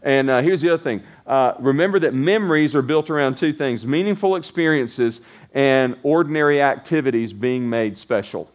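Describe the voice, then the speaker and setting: A man's voice: medium pitch, normal speed, dull audio. Middle-aged male pastor, casual sermon delivery, rambling with restarts and frequent asides to the congregation. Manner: conversational, rambling with restarts and tag questions.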